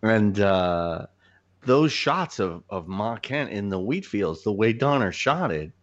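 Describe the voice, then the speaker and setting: A man from Miami talks films with easy enthusiasm and the odd curse. His voice sits low. The audio is slightly dull and lo-fi, and he comes across as a filmmaker swapping stories. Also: lively intonation, slow. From Miami, United States. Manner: enthusiastic, swears casually. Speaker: filmmaker guest. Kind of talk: casual movie chat.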